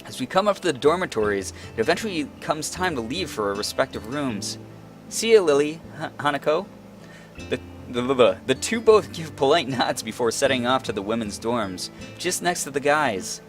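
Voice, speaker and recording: A man's voice: medium pitch, lively intonation, normal speed. A young man reading a visual novel aloud and adding playful, joking commentary, over faint guitar music. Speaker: let's play host.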